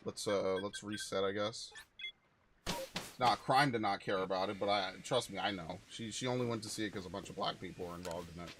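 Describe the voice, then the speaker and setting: A man's voice: lowish voice, brisk, background noise. A young man rambling casually over gameplay, chatty and swearing offhand. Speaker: gaming channel host.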